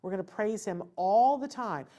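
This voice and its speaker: Animated woman giving parenting advice. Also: medium pitch, normal speed. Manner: animated, acts out a child's thoughts and parental lectures. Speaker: host. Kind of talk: live webcast talk giving parenting advice.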